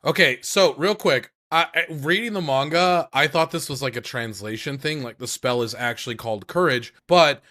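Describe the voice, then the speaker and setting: Young man, podcast co-host, casual banter, animated, profane. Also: medium pitch, moderate pace, few pauses.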